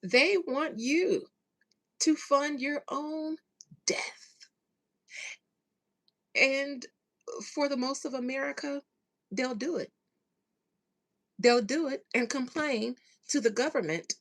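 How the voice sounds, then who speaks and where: A channel host with a high-pitched, slightly bright voice rants casually to her viewers. She's sarcastic and emphatic, stretching out stresses on key words, and her speech is loose, slangy, and mildly profane.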